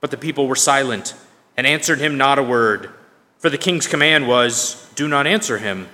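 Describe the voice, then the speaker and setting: A man reading scripture aloud in a measured, emphatic way, now and then correcting himself. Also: medium pitch, sharp tone. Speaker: scripture reader. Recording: long reverb of a large hall.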